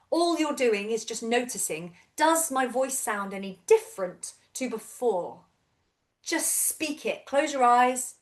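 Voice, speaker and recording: A woman in her thirties, a vocal coach gently and encouragingly guiding a voice and breath workshop over a video call. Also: on the high side, animated, measured pace. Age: 30s.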